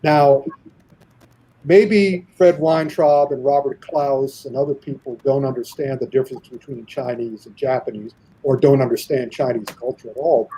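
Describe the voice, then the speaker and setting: A man telling an animated anecdote in a casual podcast chat, acting out the voices of the people he quotes. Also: medium pitch, moderate pace, a little hiss or hum, low-quality recording. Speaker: guest storyteller.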